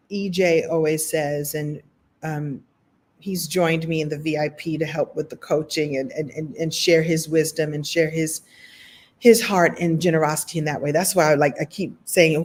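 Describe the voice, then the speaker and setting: Animated woman coaching with playful asides. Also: low voice. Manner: animated, playful asides, laughs often, acts out little scenes. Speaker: motivational coach hosting a live recap. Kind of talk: lively motivational talk to an online audience.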